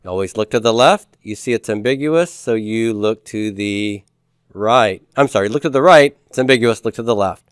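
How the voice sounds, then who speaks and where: A Hebrew teacher, a man with a lowish, resonant, clear voice, reviews homework at a normal pace, patiently posing questions, answering them himself, and drawing out key words. The recording is dry and studio quality.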